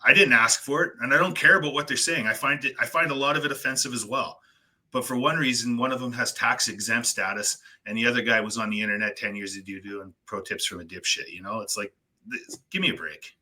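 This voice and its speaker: A man hosting a casual podcast chat, telling stories in an animated ranting way and slipping into quick voice impressions. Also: mid-range voice. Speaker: podcast host.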